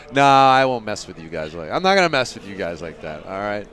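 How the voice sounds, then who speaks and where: Lively, chatty male pool commentator. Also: on the low side. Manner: chatty, joking with viewers, laughs often. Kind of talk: casual live play-by-play commentary.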